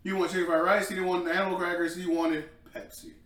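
A young man with a high voice tells an animated story, laughing often and acting out other people's shouting. He sounds a little away from the mic in an echoey room. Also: quick pace, far from the mic. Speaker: podcast co-host. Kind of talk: casual chat, storytelling.

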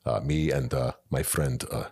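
A man's voice: very deep voice, normal speed, gravelly, darkish tone, husky. A man who works as a voice actor, chatting as a podcast guest and often restarting his sentences. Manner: rambling, with frequent restarts and trailing phrases. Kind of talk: casual podcast chat.

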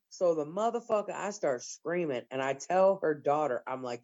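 A woman telling stories in casual group chat, blunt and profane, with lively bursts. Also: low-pitched, moderate pace. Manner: blunt, profane, animated storyteller. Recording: slightly dull lo-fi sound.

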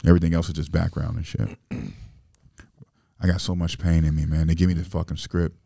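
A man's voice: deep voice, little pitch movement, fairly quick, vocal fry, dark tone, no room sound, clean studio sound. A man from Illinois, a podcast guest, telling his life story in loose, profane street talk full of fillers. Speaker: interview guest.

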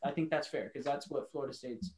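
A man's voice: mid-range voice, fast talker, a little mellow, low-quality recording. A man co-hosting a podcast in casual chat, talking in an enthusiastic, rambling and joking way. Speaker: podcast co-host.

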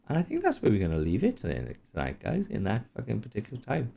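A man's voice: medium pitch, wildly swooping pitch, fast talker, creaky, few pauses, warm tone. A man running a tabletop game as dungeon master, casual and laughing, with plenty of swearing.

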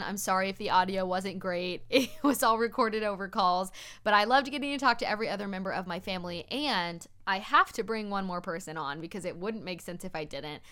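Bright-voiced woman podcast host. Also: mid-range voice, clean tone. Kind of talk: casual chat.

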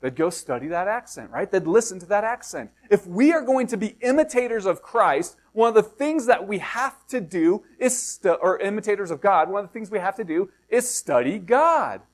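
A man's voice: high-pitched, expressive, normal speed, few pauses. A middle-aged man from the United States preaching a sermon in a conversational way, asking rhetorical questions. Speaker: pastor.

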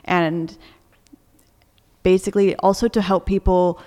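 A woman's voice: on the low side, fairly even intonation, a little slow, mellow, long reverb tail. A woman co-hosting a casual podcast, arguing her points with energy and laughing often. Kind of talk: casual debate chat.

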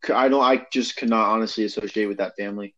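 A man's voice: fairly low pitch, steady tone, fast talker, a bit bright, highs cut off. A man chatting casually, blunt and mocking, often laughing. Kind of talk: casual chat.

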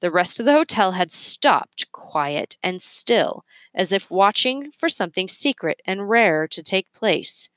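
A woman reading a children's novel aloud with expressive, measured storytelling. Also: mid-range voice, no room sound. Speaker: reader.

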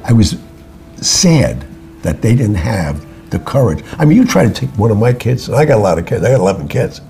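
A man's voice: on the low side, brisk, faint music behind. An older man, a guest telling stories and acting out other people's lines. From United States. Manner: animated, acts out other people's lines in quotes. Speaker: actor and singer, guest. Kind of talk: storytelling interview.

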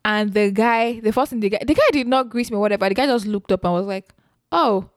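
A young woman with a Nigerian accent tells stories on her podcast in an animated, chatty way. Her voice is mid-pitched and recorded dry, with no room echo. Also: quick pace. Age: young adult. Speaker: podcast co-host. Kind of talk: casual chat.

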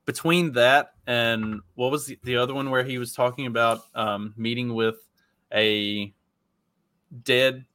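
A man's voice: mid-range voice, steady tone, unhurried, a bit bright, smooth, dry recording. Rambling man co-hosting a podcast. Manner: rambling, filler-heavy. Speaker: podcast co-host. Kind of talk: casual political commentary.

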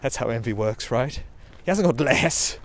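Lively rambling man. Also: mid-range voice, moderate pace. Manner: sweary, self-mocking, digressive, with quoted put-on voices. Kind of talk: rambling personal monologue.

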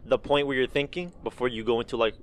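A man's voice: medium pitch, fast, a little hiss or hum. A young man co-hosting a podcast, telling rambling, profane stories in casual chat and acting out the people he quotes. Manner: rambling, profane storytelling with animated quoted voices. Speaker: podcast co-host.

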